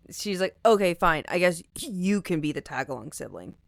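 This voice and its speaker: A woman's voice: on the low side, big pitch swings, moderate pace, creaky, background noise. A woman co-hosting a podcast, talking casually about a book with many fillers. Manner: casual, filler-heavy with likes and you knows. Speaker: podcast co-host.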